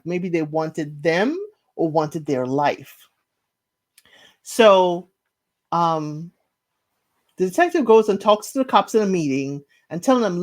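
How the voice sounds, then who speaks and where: A woman casually recapping a TV series, acting out the characters' lines with big swings in her voice. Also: fairly low pitch. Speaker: podcast host recapping a TV series.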